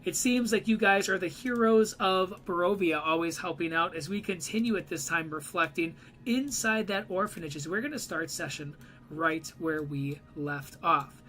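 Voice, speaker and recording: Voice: mid-range voice, moderate pace, fairly bright tone, poor audio. A game master narrating a tabletop role-play game in a loose, rambling way with many fillers.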